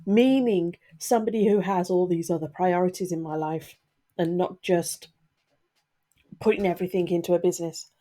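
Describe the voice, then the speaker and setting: A woman's voice: fairly low pitch, fairly even intonation, moderate pace, mellow. Earnest, emotional woman talking to camera. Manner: earnest, emotional, talks straight to viewers. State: emotional, sniffly. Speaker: YouTuber. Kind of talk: candid talk to camera.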